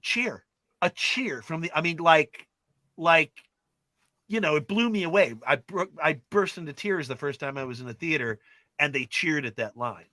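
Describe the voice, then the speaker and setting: A man's voice: a little high, animated, normal speed, sharp tone, dry recording. A man retelling film scenes in casual chat, acting out the characters' lines as he goes. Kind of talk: animated storytelling in casual chat.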